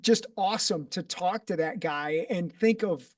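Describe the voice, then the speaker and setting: A man hosting a podcast interview and speaking earnestly and reflectively, with fillers and pauses. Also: high voice, a little mellow. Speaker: podcast host. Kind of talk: conversational interview. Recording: voice from a distance off the mic.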